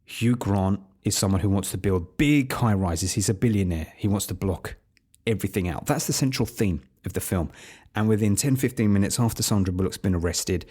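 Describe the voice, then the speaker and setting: Man, low voice, film podcast host, wry, opinionated, sarcastic solo review. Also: a little fast, warm tone, husky.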